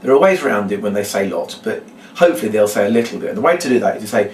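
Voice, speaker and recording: A man, a children's magician, demonstrating a trick step by step and acting out his patter with a brighter voice. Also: lively intonation, very fast, a little hiss or hum. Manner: explains step by step, then acts out his patter in a bright, higher voice. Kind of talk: demonstration lesson. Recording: echoey room, mic at a distance.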